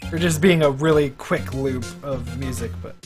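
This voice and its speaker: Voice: medium pitch, moderate pace, over music. A game streamer chatting casually and playfully during a live stream, with self-deprecating asides. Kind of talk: casual live-stream chat while reading game text aloud.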